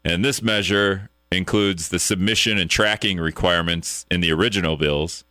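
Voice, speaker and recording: Deep, bright-voiced talk radio host. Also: male voice, no echo, clean studio sound. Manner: wry, casual, chuckles at absurd news. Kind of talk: call-in radio talk, reading news aloud.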